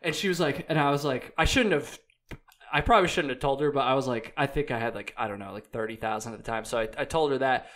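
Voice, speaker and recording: A man's voice: mid-range voice, quick pace, fairly bright tone. A young man telling a long hiking story in a loose, rambling way, full of "like"s, restarts and casual swearing. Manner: rambling, many "like"s and restarts, laid-back swearing. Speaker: hiker and podcast guest.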